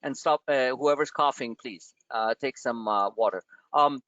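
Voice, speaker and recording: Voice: medium pitch, normal speed, no room sound, muffled recording. A trading webinar host talking in a casual, rambling way, full of fillers, and quizzing the listeners directly. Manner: rambling and animated, heavy with "like" and "you know"; addresses listeners directly with questions. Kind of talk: casual live webinar teaching.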